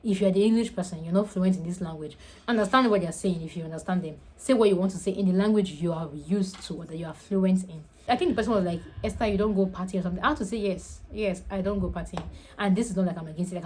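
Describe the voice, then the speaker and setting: A woman's voice: on the low side, darkish tone, rough recording. A young Nigerian woman giving casual, earnest advice in a vlog, repeating her points for emphasis. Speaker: faith and lifestyle vlogger.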